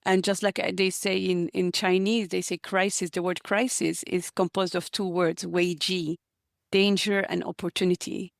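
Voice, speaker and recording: A woman's voice: on the low side, little pitch movement, moderate pace, vocal fry, few pauses, no room sound, studio quality. A woman guest, an author, telling personal stories in an earnest, heartfelt way during an interview. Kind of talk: reflective interview conversation.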